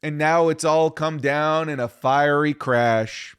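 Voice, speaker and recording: A man's voice: on the high side, steady tone, slow pace, a bit bright, smooth. A man co-hosting a casual wrestling podcast, teasing his partner playfully. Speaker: podcast co-host.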